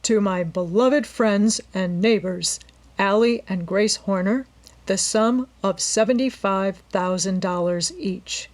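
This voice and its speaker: A woman voicing a calm, courteous middle-aged male lawyer with a polite, measured manner in a storybook reading. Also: mid-range voice, close to an everyday voice. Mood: formal reading.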